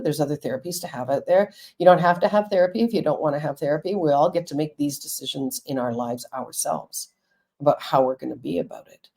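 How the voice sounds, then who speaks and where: Low, mellow-voiced woman teacher. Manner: chatty, frank, reassuring. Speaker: Reiki teacher and counselor. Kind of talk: live-stream talk to viewers.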